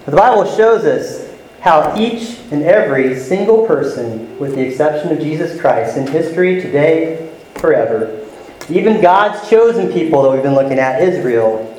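A male pastor preaching an earnest teaching sermon, slowing down to spell out key words. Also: on the high side, a little mellow, echoey room, slight background noise, poor audio. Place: church sanctuary.

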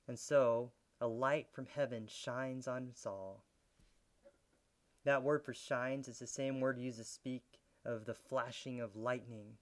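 Male pastor, sermon delivery, earnest teacher, mid-pitched voice, builds intensity. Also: steady tone, slow pace.

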